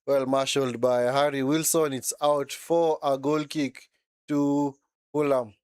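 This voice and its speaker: A man's voice: mid-range voice, flat delivery, a little slow, a little mellow, clear, resonant tone, dry recording, studio quality. A man giving casual live football commentary during a watchalong, chatty and reacting as he goes, often tagging sentences with short asides. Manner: chatty, frequent tag words like man and eh.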